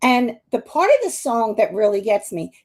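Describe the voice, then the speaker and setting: A woman's voice: on the high side, big pitch swings, moderate pace, darkish tone. A woman, a psychic medium hosting a live stream, telling a long personal story with many restarts while tearful. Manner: rambling, many restarts and asides to viewers.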